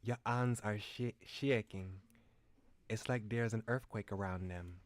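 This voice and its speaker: A man voicing a gentle young man disguised as a female idol, in a put-on Jamaican accent. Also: lowish voice, unhurried, no room sound, lightly acted. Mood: concerned.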